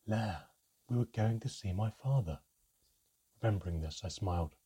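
A man reading a fantasy storybook aloud in first person, with a steady, measured delivery. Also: lowish voice, breathy edge. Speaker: audiobook narrator.

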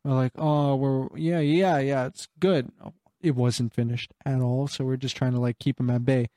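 A man's voice: medium pitch, fairly even intonation, moderate pace, dark tone, no echo, clean studio sound. A young man casually telling work stories, rambling, full of fillers and swearing. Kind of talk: casual chat.

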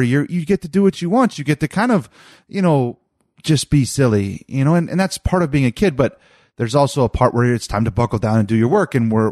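A man's voice: medium pitch, a little mellow, no room sound, studio quality. A man in his thirties chatting casually about his son, rambling with many restarts and fillers. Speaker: father telling a family story. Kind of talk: casual chat.

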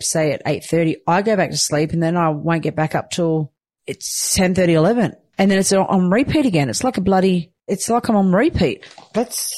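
A woman's voice: low-pitched, a little mellow, dry recording. Chatty, candid woman in casual chat. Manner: chatty, candid, swears casually, laughs often. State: sleep-deprived. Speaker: weekly vlogger, new mother of twin boys.

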